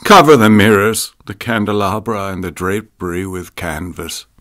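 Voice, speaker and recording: Commanding dying old woman, high and breathy, barely above a whisper, voiced by a man. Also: normal speed, lightly acted. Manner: weak, hushed near-whisper barking orders.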